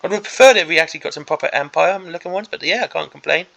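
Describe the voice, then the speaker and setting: A man's voice: a little high, very fast, creaky, bright, forceful tone. A man hosting a miniatures hobby channel, giving an exasperated, sarcastic ranting commentary on a product preview.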